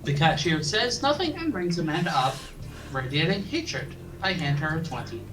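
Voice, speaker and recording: Low-voiced woman heard from a distance. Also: sing-song, moderate pace, music in the background. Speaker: let's play co-host and narrator. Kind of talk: casual gaming chat and reading game text. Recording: distant mic with background noise.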